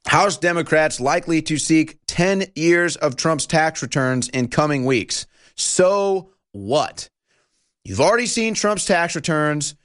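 A man's voice: on the high side, lively intonation, slow, a bit bright. Impassioned male talk radio host. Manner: emphatic and indignant, repeats phrases.

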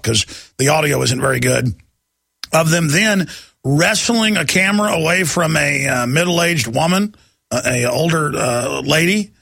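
A talk-show man rants in an indignant monologue, his raised voice gravelly and husky. The tone is bright and forceful, and the studio sound is dry and close. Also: fairly high pitch, dry recording. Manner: indignant, ranting.

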